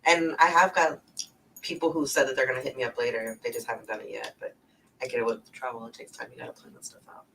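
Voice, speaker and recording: A livestreamer who also works as a travel agent, hailing from north Houston with a Texan accent, chats loosely on stream, full of "like," easy cursing, and constant laughter. The voice is medium-pitched, level, fast, creaky, and slightly bright. It sits far from the mic and a bit off it, in a low-quality recording with faint background noise.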